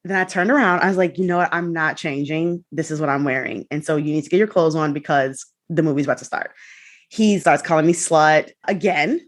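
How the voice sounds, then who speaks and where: A young adult woman telling a personal story in a casual, animated way, acting out the quotes. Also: low voice, a little fast. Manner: animated, acts out quotes with laughs and swearing. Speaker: guest.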